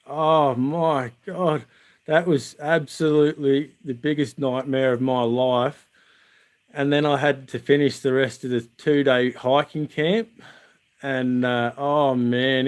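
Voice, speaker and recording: A man's voice: mid-range voice, clean tone. An Australian man, the channel host, chatting on a livestream from outdoors at night and laughing through funny camp stories. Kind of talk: casual livestream storytelling.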